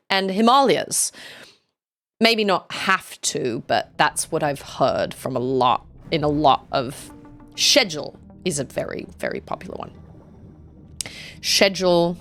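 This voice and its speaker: A woman's voice: fairly low pitch, animated, a little slow, soft background music. A young woman streaming a game, chatting casually, reading chat aloud and yelping during fights. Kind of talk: casual gameplay commentary.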